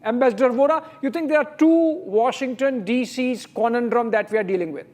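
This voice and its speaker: A man's voice: very high voice, fairly quick, a little mellow. A man anchoring a live TV news debate, asking long, winding questions full of fillers.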